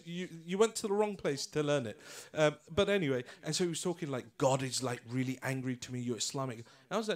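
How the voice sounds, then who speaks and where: A man's voice: fairly high pitch, fast talker, hardly any pauses. Chatty English man telling stories. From England. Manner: casual, storytelling with filler words. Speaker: guest speaker. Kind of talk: anecdotal talk and audience Q&A.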